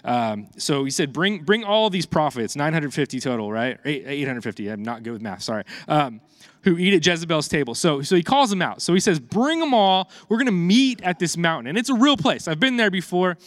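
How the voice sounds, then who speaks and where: A man's voice: on the high side, sing-song, a little fast, no room sound. A man in his thirties preaching a casual sermon, reading scripture aloud and breaking off for conversational asides to the congregation. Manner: conversational, chatty asides to the congregation, frequent restarts and fillers. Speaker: pastor.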